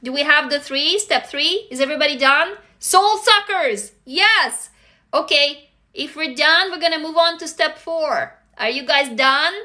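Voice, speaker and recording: A woman's voice: sits high, unhurried, bright, forceful tone. A woman hosting a casual live stream, reading out viewer comments and coaching them through steps with upbeat, profane energy. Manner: upbeat, reads out viewer comments, swears freely. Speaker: live stream host leading a writing exercise.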